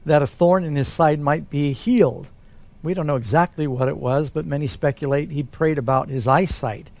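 A man, a pastor, answering Bible questions in a relaxed, conversational way. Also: on the high side, moderate pace.

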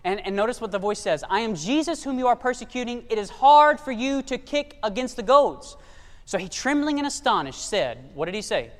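Brief: male preacher, very high voice, emphatic, quizzes the congregation, long hall reverb. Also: very animated, brisk, fairly bright tone. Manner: emphatic, rhetorical questions to the congregation. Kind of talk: sermon.

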